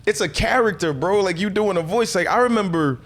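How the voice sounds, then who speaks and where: A man's voice: sits high, brisk. A man in his thirties, a comedian and impressionist, telling stories in a casual, slangy chat and often asking "you know what I'm saying.".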